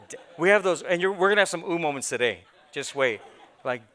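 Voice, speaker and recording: Bright-voiced, animated preacher man. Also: sits high, normal speed, pauses often. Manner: animated, playful, acts out congregation reactions. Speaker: pastor. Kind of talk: sermon. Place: church sanctuary.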